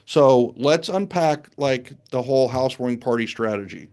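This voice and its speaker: A man hosting a podcast interview in casual, energetic talk, hyping up his guest. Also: medium pitch, normal speed. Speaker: podcast host.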